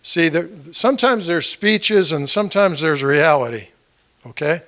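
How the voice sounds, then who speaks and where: High-voiced man giving a campaign speech. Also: animated, a little slow, a bit bright. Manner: conversational storytelling, acting out quoted dialogue; addresses the audience directly with questions. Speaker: political candidate. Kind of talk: campaign speech to a small meeting. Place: meeting room with about 30 people.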